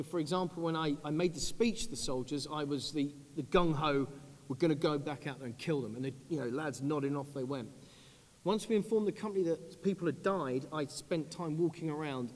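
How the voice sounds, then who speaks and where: Earnest British army officer, hall reverb. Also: male voice. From United Kingdom. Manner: earnest, measured, drops low and quiet on grave points. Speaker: army officer on a conference panel. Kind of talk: panel talk. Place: large conference hall.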